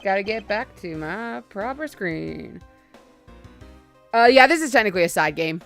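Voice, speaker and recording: A woman's voice: mid-range voice, expressive, moderate pace, vocal fry, faint music behind. Swearing, chatty young woman streamer. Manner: crude, swearing, laughing, chatty. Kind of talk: casual gameplay commentary.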